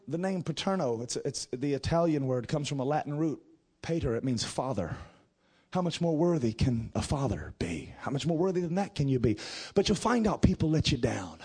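A middle-aged male pastor preaching a sermon, building to drawn-out shouted emphasis. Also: a little high, breathy edge.

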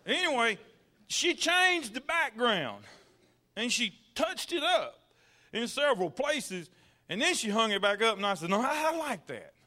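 A man's voice: extremely high pitch, big pitch swings, a little slow, bright, forceful tone. A man preaching a sermon in church, telling folksy stories, repeating his words and building to fervent peaks. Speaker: pastor. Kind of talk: sermon with personal anecdotes.

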